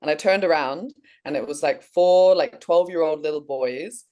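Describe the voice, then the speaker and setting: A woman from England, co-host of a podcast, casually telling a long dream in an animated way, with swearing and laughter. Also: sits low, moderate pace.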